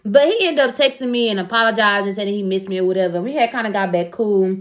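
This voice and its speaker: A woman's voice: mid-range voice, fast talker. A young woman telling personal stories in casual chat, blunt and profane, often laughing. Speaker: podcast guest.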